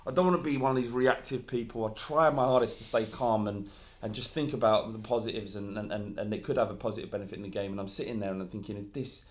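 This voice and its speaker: A man's voice: fairly low pitch, steady tone, fast talker. A man co-hosting a football podcast, ranting heatedly in casual chat and swearing freely. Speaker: podcast co-host.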